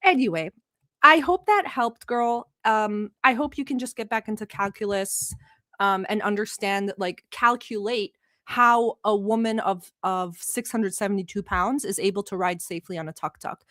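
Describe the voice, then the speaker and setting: A woman's voice: mid-range voice, moderate pace, fairly bright tone, no echo, studio quality. A woman from the Middle East, whose first language is not English, hosting a casual livestream and chatting with viewers in a teasing, talkative way. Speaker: livestream host reacting to videos.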